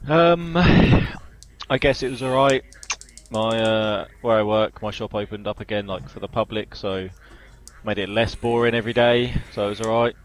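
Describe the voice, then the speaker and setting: A man's voice: fairly low pitch, moderate pace, rough recording. A man co-hosting a casual podcast, offhand and teasing. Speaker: podcast co-host.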